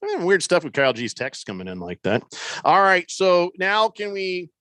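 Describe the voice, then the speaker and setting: Bright, high-voiced radio host man. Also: sing-song, normal speed, no room sound. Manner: rambling, loose, with many fillers and restarts. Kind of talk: casual sports radio chat. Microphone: studio microphone.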